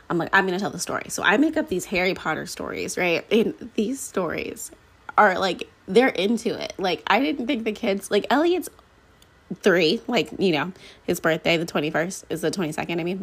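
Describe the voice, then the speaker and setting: A woman in her thirties chats through a family story on her own podcast. Her voice sits low and a little husky, and she acts out the back-and-forth as she goes. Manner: chatty, animated storytelling with quoted asides. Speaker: podcast host. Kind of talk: casual solo podcast chat.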